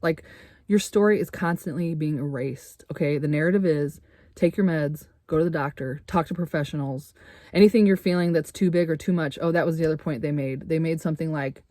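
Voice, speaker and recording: A middle-aged woman vents to her camera in a fired-up, swearing rant, throwing out sarcastic rhetorical questions and getting loud. Her voice sits on the low side. The sound is dry and close, with no room in it. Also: fairly quick, dry recording. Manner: heated, swearing, rising to loud outbursts. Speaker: vlogger. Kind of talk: angry personal rant to camera. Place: RV interior.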